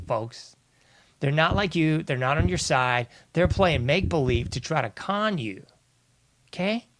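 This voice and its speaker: A man's voice: fairly high pitch, fairly bright tone, dry recording. A male host giving an exasperated, ranting political commentary monologue, often addressing his listeners as "folks".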